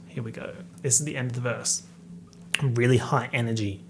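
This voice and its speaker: A man's voice: medium pitch, moderate pace, gravelly, a little hiss or hum. A man hosting a podcast, casually and playfully reading rap lyrics aloud and joking through his breakdown of them. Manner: playful, animated, reads lyrics aloud then jokes about them. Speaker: podcast host.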